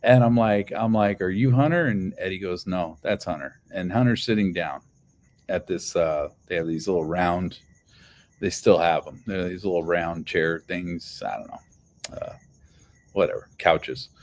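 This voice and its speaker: A man's voice: deep voice, measured pace. A man casually telling a long personal story, rambling with lots of fillers and swearing. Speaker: channel host.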